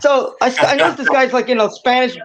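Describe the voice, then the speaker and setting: High, fast-talking excitable man. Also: noisy background. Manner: excitable, animated storyteller who laughs mid-story. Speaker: fighter guest. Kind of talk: casual storytelling on a video call show.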